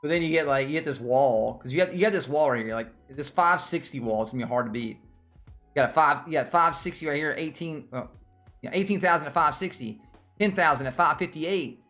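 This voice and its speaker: Southern guy rambling on his stream, kinda high voice, talks to chat a lot. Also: a little fast, fairly bright tone, faint music behind. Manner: rambling, repeats himself, chats with viewers. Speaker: livestream host. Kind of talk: casual livestream chat about stocks.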